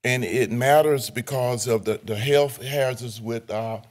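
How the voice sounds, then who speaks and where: An older man giving a public comment at a city council meeting, earnest and halting, with many fillers. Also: mid-range voice.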